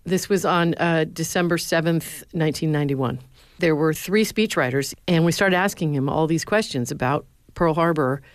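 A middle-aged woman who was a speechwriter and now lectures, answering interview questions with earnest stories and lively quotes. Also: deep voice, normal speed, no echo. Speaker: former speechwriter, university lecturer.

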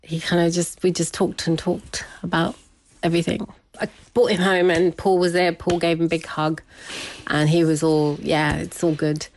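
Lower-pitched woman telling a personal story. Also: normal speed. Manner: laughs often, animated and candid. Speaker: interview guest.

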